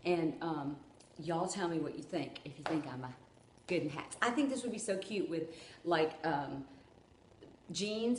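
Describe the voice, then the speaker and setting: A woman's voice: low voice, darkish tone, slight background noise. Gushing woman in an echoey room. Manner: gushing, enthusiastic, rambling. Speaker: vlogger. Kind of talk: excited unboxing vlog. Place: room at home. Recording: echoey room with faint ambience.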